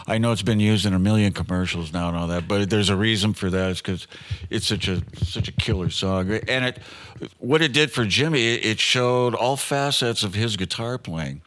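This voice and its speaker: A man in his sixties, a guest guitarist, telling an animated story in casual talk and acting out the voices of the people in it. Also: lowish voice, normal speed.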